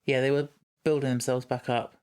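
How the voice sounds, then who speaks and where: A man's voice: medium pitch, little pitch movement, a little fast, darkish tone, clean tone. A man co-hosting a podcast in casual chat, playful and encouraging, often giggling. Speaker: podcast co-host.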